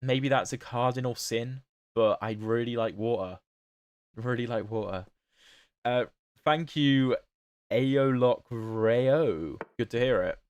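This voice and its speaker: Unhurried and smooth, his medium-pitched voice comes through without echo. He's a chess streamer with a not-fully-standard British accent who casually talks through his games and fields chat questions mid-play.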